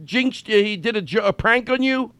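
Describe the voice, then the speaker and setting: A man's voice: high-pitched, lively intonation, normal speed, sharp tone, smooth, no echo. A man hosting a comedy chat, swearing in mock outrage and rambling through restarts as he banters.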